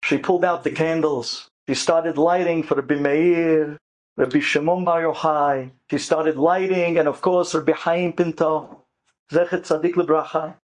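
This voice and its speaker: A man, a rabbi and storyteller, telling a family story in an animated, dramatic way and mixing in Hebrew words. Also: a little high, normal speed. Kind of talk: lively storytelling talk.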